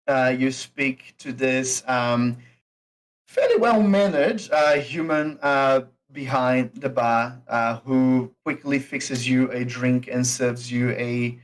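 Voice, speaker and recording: A male game master narrating a tabletop game at a slow, unhurried pace. His speech is full of pauses and fillers as he describes the scene and asks players what they do. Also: medium pitch, poor audio.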